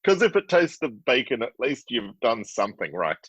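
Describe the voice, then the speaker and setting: A man's voice: medium pitch, sing-song, moderate pace, a bit bright, slightly rough, lo-fi sound. A man guest in a casual chat, chuckling and self-mocking. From Australia. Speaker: podcast guest.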